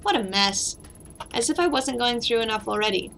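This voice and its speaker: A woman's voice: a little high, animated, normal speed, creaky, fairly bright tone, a little hiss or hum, rough recording. A woman reading the lines of a weary, bitter woman detective in a game, in a sardonic tone over background music.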